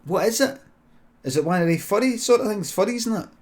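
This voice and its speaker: A man's voice: sits high, animated, brisk, darkish tone, pitched above the performer's own voice. A man with a Scottish accent voicing a nosy, pushy working-class man in a comic improvised story. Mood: incredulous. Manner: incredulous, questioning.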